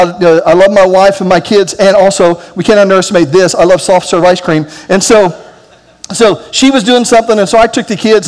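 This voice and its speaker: A man with a high-pitched voice preaches in a church, his words ringing with a long hall reverb. He is a pastor who tells stories about himself with self-deprecating humor and gently leads the congregation into prayer. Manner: drops to a soft, quiet tone for closing prayer. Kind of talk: sermon. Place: church sanctuary.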